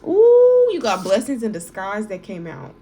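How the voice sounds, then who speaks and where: A woman's voice: mid-range voice, normal speed, a little mellow. A woman in her twenties giving a casual tarot reading, chatty and playful, talking straight to her viewers. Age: 20s. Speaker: tarot reader.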